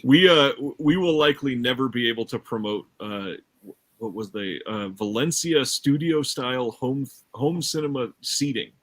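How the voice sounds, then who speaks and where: A man's voice: medium pitch, animated, moderate pace, fairly bright tone. A man hosting a casual film chat, talking loosely with frequent restarts and easy laughs. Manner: chatty, laughs easily, restarts. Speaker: podcast host.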